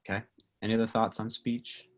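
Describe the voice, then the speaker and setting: A man, a pastor, leading a relaxed Bible study discussion with teens, asking the group questions and talking with many fillers and restarts. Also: lowish voice, brisk.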